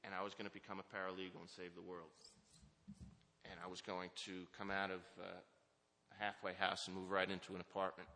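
A man's voice: low-pitched, pushed and bright. A middle-aged man speaking candidly and earnestly to an audience in a large hall, telling his recovery story with frequent restarts. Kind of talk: personal recovery testimony. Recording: long hall reverb.

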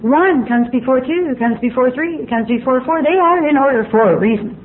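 A stern, no-nonsense female sponsor voiced by a woman lays down the rules with slow, lecturing emphasis. She sits higher than the teller's own voice, as if carried over a tinny, phone-like line with a faint hiss behind it. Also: lightly acted. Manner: stern, lecturing, spells things out slowly. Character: blunt, no-nonsense female sponsor scolding a newcomer.

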